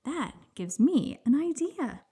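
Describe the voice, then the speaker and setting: A woman voicing a spirited young girl mouse ballerina in a storybook reading, with a bright, eager manner. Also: high voice, big pitch swings, slow, pitched above the performer's own voice, exaggerated voice.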